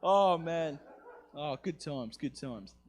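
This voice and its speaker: A man's voice: on the high side, animated, slow pace. A young man doing a rambling, profane stand-up set, with an accent somewhere between English and Australian. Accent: mixed English and Australian. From England. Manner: rambling, profane, self-mocking. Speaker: stand-up comedian.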